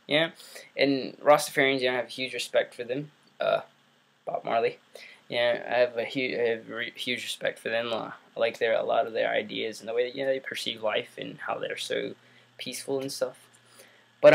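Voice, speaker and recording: A man's voice: mid-range voice, a bit bright. A young man talking to his computer in his bedroom, rambling and laughing as he tells a story on his vlog. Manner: rambling, self-interrupting, laughs often. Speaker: vlogger. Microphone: computer mic.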